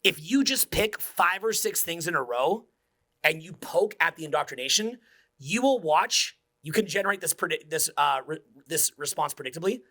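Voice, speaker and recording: A man's voice: a little high, lively intonation, normal speed, bright, forceful tone. A man in his forties, a social skills coach, giving an intense, profane motivational speech that drops to near-whispers. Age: 40s.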